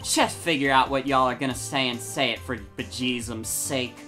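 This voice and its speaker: A woman voicing a brash, touchy country woman photographer with a loud put-on drawl, reading game dialogue aloud. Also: extremely low pitch, steady tone, moderate pace, music in the background. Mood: sassy scolding. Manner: forceful, indignant.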